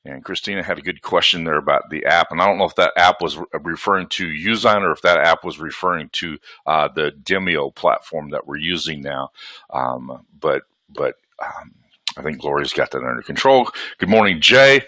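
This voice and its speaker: A man's voice: a bass voice, normal speed, sharp tone, no echo. A man with a Southern US accent hosting a live webinar from home, chatting in a folksy way and greeting attendees by name. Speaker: webinar host.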